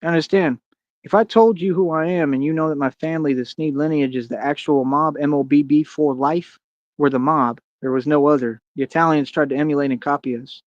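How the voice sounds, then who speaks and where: A man's voice: fairly high pitch, steady tone, brisk, dry recording, muffled recording. A man delivering a confrontational, boastful rant as a streamer, heavy on slang and taunts. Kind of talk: ranting monologue to camera.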